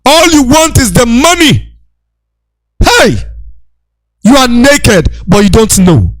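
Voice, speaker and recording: A man with a very high voice lectures with fervor, hammering the same points again and again and often raising his voice to a shout. The sound is dry, with no room around it. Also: sing-song, slow pace, no room sound. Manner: preachy, repetitive, shouting rebukes. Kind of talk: impassioned lecture.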